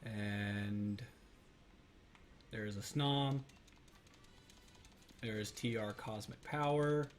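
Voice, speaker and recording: A man's voice: on the low side, very slow, long pauses, soft background music. A man hosting a let's play, giving casual gameplay commentary in a rambling, self-correcting way with lots of fillers.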